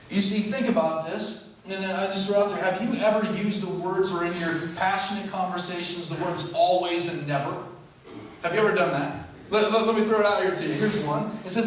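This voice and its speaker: A man's voice: high voice, moderate pace, fairly bright tone, far from the mic, slight background noise. A male pastor preaching a sermon in a conversational way, full of rhetorical questions. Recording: very echoey hall, heard from afar.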